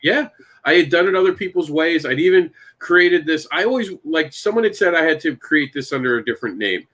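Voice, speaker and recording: A man hosting a casual chat, telling long animated stories and addressing his co-hosts by name. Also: a little high, brisk. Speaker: podcast host and comic creator.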